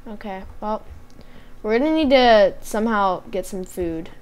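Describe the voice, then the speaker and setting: A woman's voice: mid-range voice, animated, unhurried, darkish tone, clear, resonant tone. A young woman hosting a casual game video, chatting and narrating her own moves as she plays. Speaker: gaming channel host. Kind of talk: casual let's-play chat.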